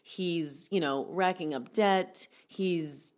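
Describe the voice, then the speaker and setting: A woman's voice: fairly low pitch, takes it slowly. A woman casually recounting a story to a co-host, rambling with many fillers and restarts. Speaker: podcast co-host telling a story.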